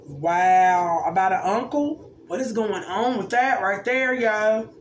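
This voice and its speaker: A woman's voice: a little high, unhurried. Woman, oracle card reader, musing and exclamatory, roomy echo, faint hiss. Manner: musing, exclamatory, keeps checking in with "okay?". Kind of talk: intuitive card reading to viewers.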